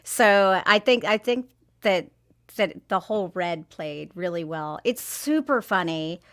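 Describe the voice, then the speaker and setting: A woman's voice: fairly low pitch, lively intonation, unhurried, a bit bright. A woman chatting casually as a panelist on a film review podcast, talking in loose asides and laughing often.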